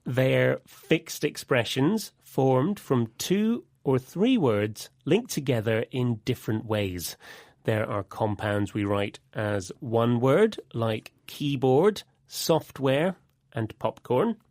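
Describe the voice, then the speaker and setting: A man co-hosting a scripted English vocabulary lesson, explaining in a clear, deliberate way. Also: medium pitch, lively intonation, a little mellow, dry recording, studio quality. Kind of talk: scripted teaching dialogue.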